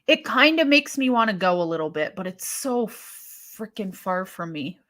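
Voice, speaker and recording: Co-hosting a wrestling live stream, this woman chats casually and thinks out loud, sighing and restarting as she reacts to viewer comments. Her mid-range voice is sing-song and fairly bright, moving at a moderate pace.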